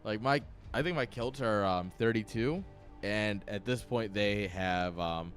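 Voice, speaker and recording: Low-voiced guy casting a game live, dry sarcastic jokes, lots of ums, faint music behind. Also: measured pace. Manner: dry, sarcastic and rambling, with many fillers. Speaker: esports caster. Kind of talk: casual live game commentary.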